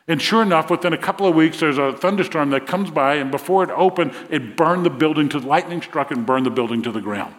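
A man's voice: on the high side, quick pace, few pauses, long reverb tail. A man preaching a sermon, retelling a Bible story and acting out the king's words with rising emphasis. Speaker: pastor.

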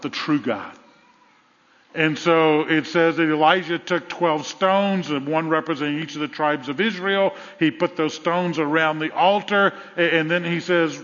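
A pastor with a Southern US accent preaching a sermon in a church, retelling a story with animated repetition. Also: male voice, a little high, normal speed. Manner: animated storytelling with repeated phrases. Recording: echoey hall, dull lo-fi sound.

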